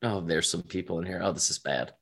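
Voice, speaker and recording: A man's voice: low-pitched, fast, gravelly, a bit bright. A man hosting a casual show, reacting to fan voicemails with laughter and swearing. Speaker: host.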